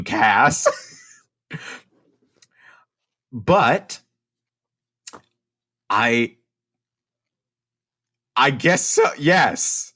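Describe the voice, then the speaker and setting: A man's voice: mid-range voice, fairly bright tone. A man from Ohio co-hosting a casual podcast, reading out notes and teasing his co-host with mock indignation.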